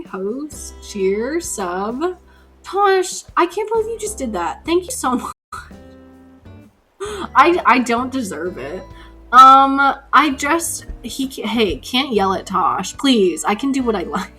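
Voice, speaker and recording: A woman hosting a live stream, chatting casually and rambly while she plays, reading viewers' names and getting excited. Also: on the high side. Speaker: livestream host.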